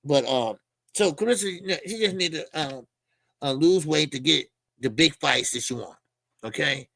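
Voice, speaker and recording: A middle-aged man hosting boxing commentary, with a somewhat high, gravelly voice and a sharp, forceful tone. He rambles casually, full of slang, fillers and repeated words. The sound is dry and close. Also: normal speed, no echo. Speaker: boxing channel host.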